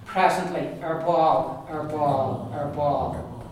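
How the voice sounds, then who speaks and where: A man's voice: a little high, far from the mic, a little hiss or hum. Echoey male teacher drilling sounds. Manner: patient, demonstrates sounds by repeating them slowly. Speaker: language teacher. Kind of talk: pronunciation lesson with repeat-after-me drills.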